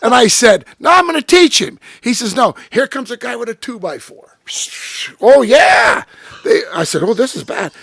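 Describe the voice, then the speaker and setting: Gravelly, high-pitched storytelling man. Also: moderate pace, no room sound, studio quality. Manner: profane, animated storyteller who acts out quotes. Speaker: interview guest. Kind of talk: storytelling in a casual interview.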